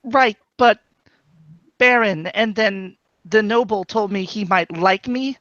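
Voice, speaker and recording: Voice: medium pitch, slow, a bit bright, no echo, lo-fi sound. A player in a tabletop role-playing game, rambling and flustered while speaking in character. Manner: rambling, flustered, repeats words.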